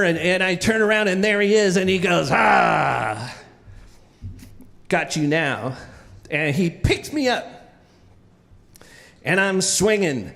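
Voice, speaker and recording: A man telling a personal story in a lively, comic way, acting out the moments with sound effects. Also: high voice, big-room sound.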